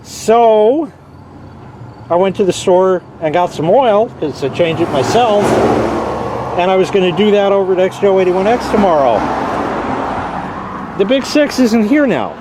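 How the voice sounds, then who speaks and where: Wry rambling man, high-pitched voice. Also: animated, unhurried, pauses often, noisy background. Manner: rambling, wry, swears lightly. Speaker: car owner vlogging a repair. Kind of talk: casual vlog. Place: outdoors by a parked car.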